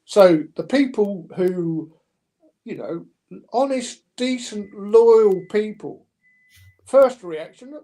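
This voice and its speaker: An older man telling stories in an interview, lively and anecdotal, acting out the dialogue. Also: sits high, slow pace. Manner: anecdotal, animated, with mimicked dialogue. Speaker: podcast guest. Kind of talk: storytelling interview.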